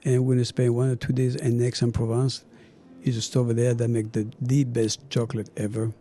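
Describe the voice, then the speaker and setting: A middle-aged man from France with a French accent, a chef chatting in an interview and telling animated stories. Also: mid-range voice, fairly quick. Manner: animated storyteller, acts out dialogue, laughs often. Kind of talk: casual interview chat.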